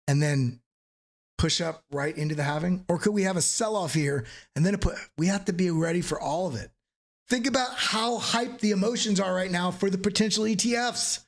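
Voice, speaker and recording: High-voiced man posing rhetorical questions. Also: a little fast. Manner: emphatic, repeats rhetorical questions. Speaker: host. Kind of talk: market analysis talk.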